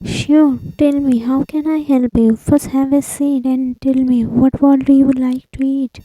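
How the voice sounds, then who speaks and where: A woman's voice: high-pitched, flat delivery, a little slow, warm tone, no echo, rough recording. A woman reading a fatherly middle-aged uncle. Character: middle-aged man, kindly uncle and university head.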